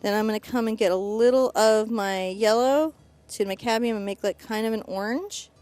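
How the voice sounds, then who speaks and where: A woman's voice: fairly high pitch, normal speed, a little mellow, faint music behind. A middle-aged woman teaching a live painting class, chatty and upbeat as she narrates each brushstroke. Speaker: painting instructor.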